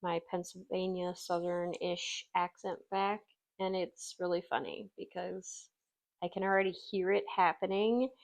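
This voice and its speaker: A woman's voice: on the low side, flat delivery, unhurried, gravelly. A woman from Wisconsin hosting a casual crafting tutorial, chatty and self-deprecating, laughing easily as she works. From Wisconsin, USA. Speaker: craft channel host.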